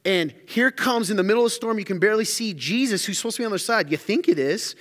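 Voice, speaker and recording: A man preaching a sermon as a pastor, telling stories with lively acted-out quotes. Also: high-pitched, quick pace. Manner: animated storytelling, acts out quotes. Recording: live hall reverb.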